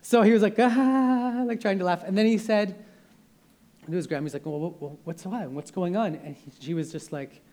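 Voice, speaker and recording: A young male preacher gives a sermon in a slightly higher-than-usual voice. He talks in an earnest, conversational way, circling back and restarting his sentences as he goes. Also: fairly quick, a little mellow.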